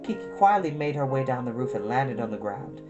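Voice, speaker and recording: A woman reading a children's book aloud as a storyteller, expressive and sometimes addressing young listeners, with guitar music behind. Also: a bass voice, fairly quick, highs cut off.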